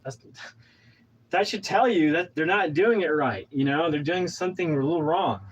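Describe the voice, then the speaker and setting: A husky, fairly high-pitched man in his thirties speaks at a moderate pace, the recording's highs cut off. Out of breath from exercising, this vlogger delivers a pumped-up, preachy motivational talk that rambles and keeps restarting.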